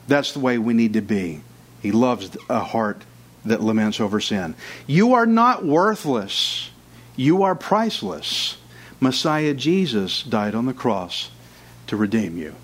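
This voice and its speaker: A man's voice: medium pitch, sing-song, slow pace. A man preaching a sermon with fervor, who acts out his listeners' doubts in short quotes.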